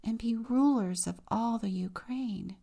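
Woman reading as a sad storybook peasant girl, pleading, kinda gravelly. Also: on the high side, measured pace, mellow, pitched above the performer's own voice. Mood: distressed. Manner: pleading and distressed.

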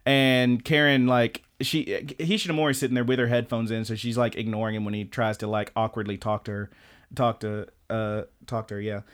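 A male podcast co-host recapping an anime in casual chat, pitched in the middle. He rambles loosely and trails off with filler phrases and crude jokes. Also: little pitch movement, a little fast, smooth.

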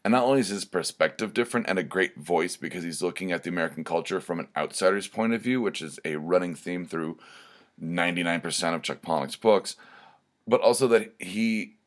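A man's voice: sits low, fairly quick. A man hosting his own podcast, talking casually and rambling with frequent ums as he thinks aloud. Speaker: podcast host. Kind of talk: casual solo podcast talk.

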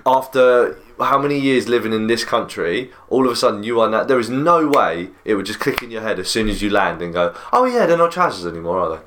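Podcast host, British man, low-ish voice, casual and animated chat. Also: a little fast, hardly any pauses. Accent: British English. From Britain. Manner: animated, jumpy pitch when making a point.

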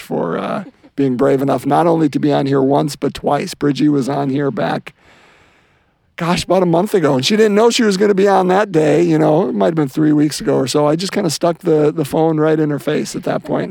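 A man's voice: a little high, creaky, darkish tone, dry recording. A man hosting a religious podcast, talking earnestly with many restarts and then leading a spoken prayer. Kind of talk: reflective religious chat and rosary prayer.

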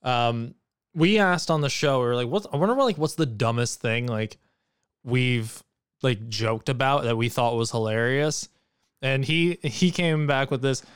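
A man's voice: medium pitch, unhurried, smooth, no room sound, clean studio sound. A man co-hosting a podcast in casual chat, joking and sarcastic. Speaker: podcast co-host.

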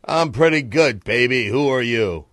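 Brief: smooth-talking lounge singer type, brassy swagger, a man putting it on. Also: medium pitch, lively intonation, measured pace, fairly bright tone, dry recording, studio quality, voice pushed up. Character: swaggering old crooner, impression of a star.

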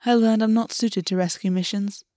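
A woman voicing a calm, teasing male fae lover who speaks in a low, soothing murmur, from a reader of fan fiction. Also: moderate pace, dry recording, clean studio sound, natural voice.

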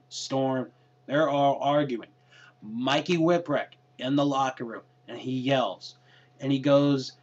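A man casually recapping a wrestling show in a hesitant way, often pausing on fillers. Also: mid-range voice. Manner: hesitant, with many fillers and restarts. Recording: lo-fi dull recording.

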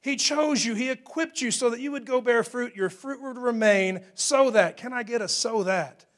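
A man preaching a conversational sermon, moving between rising emphatic peaks and hushed, quieter asides. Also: very high-pitched, moderate pace. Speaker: pastor. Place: church hall.

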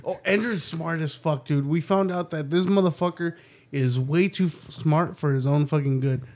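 A man's voice: fairly high pitch, moderate pace, darkish tone. A man in his thirties, a podcast co-host and father, telling profane stories in casual chat and laughing often.

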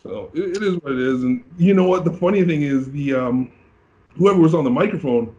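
Lively higher-voiced man retelling a contest. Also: a little fast, highs cut off. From Canada. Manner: animated storytelling, acting out quoted exchanges. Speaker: bodybuilding competitor. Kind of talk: casual interview.

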